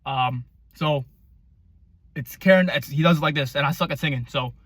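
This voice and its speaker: A man giving a casual album review, rambling and excitable, with lots of fillers and the odd swear. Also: fairly high pitch, brisk, breathy edge, dry recording. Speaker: music reviewer.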